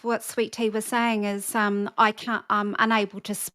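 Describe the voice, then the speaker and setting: A woman's voice: mid-range voice, little pitch movement, normal speed, pushed and bright. A woman co-hosting a casual online talk show, speaking hesitantly and often trailing off. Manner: hesitant, many fillers and restarts. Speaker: co-host. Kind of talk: casual chat.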